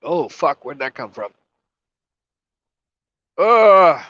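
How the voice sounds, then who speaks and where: A trucker live-streams casually from his cab, crying, sniffling, swearing and apologizing as he talks emotionally. His mid-range voice comes at a moderate pace with a bright, forceful tone. The recording is dry and dull.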